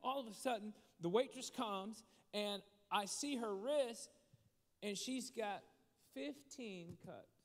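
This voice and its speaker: Animated male speaker, long hall reverb. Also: high voice, slow pace. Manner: animated storytelling that drops to a hushed voice for serious moments. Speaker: motivational speaker. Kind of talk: storytelling sermon.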